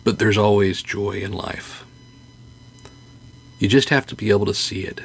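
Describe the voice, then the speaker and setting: Husky low-voiced man telling stories. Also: normal speed. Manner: earnest, anecdotal, with restarts. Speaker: podcast host. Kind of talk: casual storytelling and encouragement.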